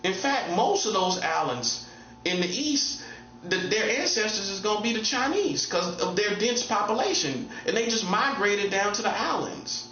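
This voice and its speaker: A man's voice: high voice, a bit bright, lo-fi sound, slight background noise. Preachy man in an echoey room. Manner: repetitive, drives points home with rhetorical questions. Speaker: self-styled prophet. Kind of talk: casual preaching monologue.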